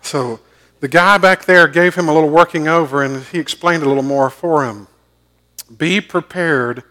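Guy preaching a sermon, kinda high bright voice, goes loud then real quiet. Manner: storytelling, swinging from loud emphatic bursts to hushed low asides. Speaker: pastor.

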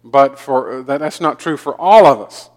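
A man's voice: mid-range voice, unhurried. A man from the American South with a mild Southern accent, preaching a folksy, joking sermon and often repeating his words. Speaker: pastor. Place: church sanctuary. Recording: long hall reverb.

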